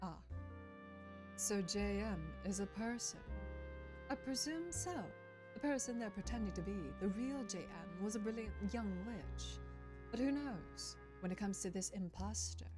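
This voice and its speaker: A woman's voice: medium pitch, a little slow, lightly acted. A woman voicing a poised, menacing female witch in a game, speaking formally with a put-on French accent. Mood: cool, formal. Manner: calm, formal, coolly polite. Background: game music.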